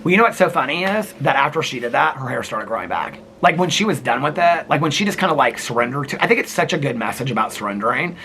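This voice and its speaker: A man's voice: mid-range voice, sing-song, fast, few pauses, sharp tone, slight background noise. A man telling a personal story in a casual home vlog, seated in a chair with the camera on a table and rambling with many filler words. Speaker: vlogger.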